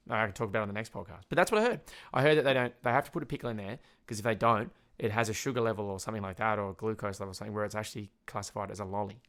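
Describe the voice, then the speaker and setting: A man's voice: on the low side, fairly bright tone. A young Australian man hosting a podcast, talking in a rambling, loose way, swearing often and laughing at his own stories. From Tasmania, Australia. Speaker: podcast host. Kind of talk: casual solo rant.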